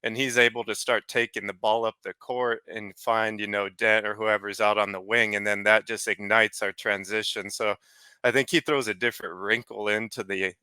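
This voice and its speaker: A man co-hosting a sports podcast, giving steady, analytical game breakdowns. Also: fairly low pitch, moderate pace, clear, resonant tone, no room sound. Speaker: podcast co-host.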